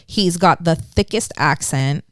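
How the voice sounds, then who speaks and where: A woman's voice: fairly low pitch, a little slow, no echo, clean studio sound. Hesitant woman podcast co-host. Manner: hesitant, full of "like" and restarts. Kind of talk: casual chat.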